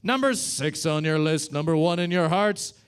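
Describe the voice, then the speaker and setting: A Canadian man working the crowd as host of a stage show, with a fairly high voice that swings lively up and down. He is sarcastic and animated, and he keeps acting out the people in his jokes. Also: moderate pace. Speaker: host and stand-up comedian. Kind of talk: stand-up comedy and emceeing. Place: theater stage with live audience.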